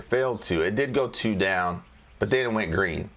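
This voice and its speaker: A man's voice: lowish voice, lively intonation, normal speed, a bit bright. A man casually walking through stock charts, chatty and repetitive, joking to himself as he goes. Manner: chatty, repeats phrases, laughs and jokes to himself. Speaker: trading educator. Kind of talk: casual screen-share chart walkthrough.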